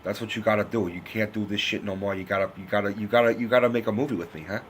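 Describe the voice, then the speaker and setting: A man doing an impression of a gruff, insistent New York tough guy who keeps repeating himself. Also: fairly low pitch, fairly even intonation, very fast, a little hiss or hum, natural voice. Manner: pushy, repetitive, urging.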